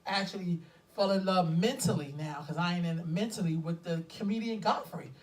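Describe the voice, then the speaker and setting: A woman co-hosting a casual talk show, chatty and animated, talking to listeners as y'all. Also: fairly low pitch, fairly quick, far from the mic. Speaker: podcast co-host. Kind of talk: casual chat.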